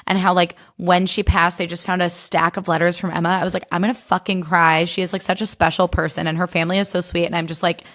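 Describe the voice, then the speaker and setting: A woman's voice: lowish voice, flat delivery, fairly bright tone. A young woman hosting a podcast, chatting casually and sarcastically, with lots of fillers and swearing. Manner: chatty, fast, sarcastic, swears a lot, heavy 'like' fillers. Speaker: podcast host. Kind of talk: casual chat.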